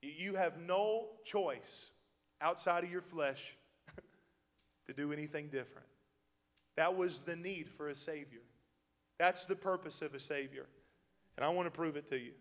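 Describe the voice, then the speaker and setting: A man's voice: a little high, fairly bright tone. A man preaching a sermon as pastor, with an emphatic, chuckling delivery. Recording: long hall reverb.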